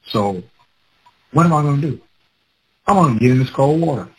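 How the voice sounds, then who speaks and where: A man with children telling a personal story in a casual, animated way, acting out his own past words with laughter. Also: mid-range voice, moderate pace, slightly rough, low-quality recording. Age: adult with children.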